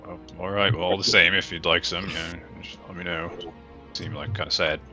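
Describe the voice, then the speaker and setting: A man's voice: low-pitched, steady tone, a little fast, music in the background. A man playing his character in a tabletop game, easygoing and hesitant, with many fillers. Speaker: player.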